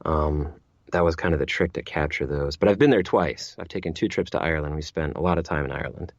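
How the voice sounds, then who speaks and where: Low-voiced man, rambling chat. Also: fast, dry recording, dull audio. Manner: rambling, frequent restarts and repeated words. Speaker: audiobook narrator guest. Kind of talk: casual interview chat.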